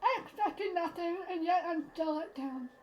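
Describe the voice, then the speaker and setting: A woman's voice: very high voice, expressive, moderate pace, a little mellow, a little hiss or hum, low-quality recording. A woman streamer reading game dialogue aloud on a live stream, with playful, wry remarks.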